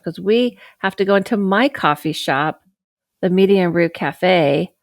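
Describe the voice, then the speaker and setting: A woman's voice: fairly low pitch, a little slow, no echo. A middle-aged woman hosting her own channel as a psychic medium, talking casually to camera in a rambling way with many fillers and asides.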